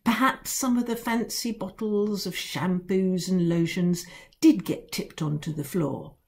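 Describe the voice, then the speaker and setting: A woman reads her own children's book aloud, narrating in a sly, wry first-person voice full of dramatic pauses. Her voice is gravelly and sits on the low side.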